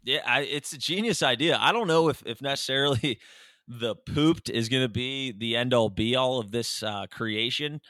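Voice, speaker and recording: A man's voice: medium pitch, moderate pace, bright, forceful tone, no echo, studio quality. A young man co-hosting a podcast, rambling through jokes in casual chat with lots of fillers. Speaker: podcast co-host.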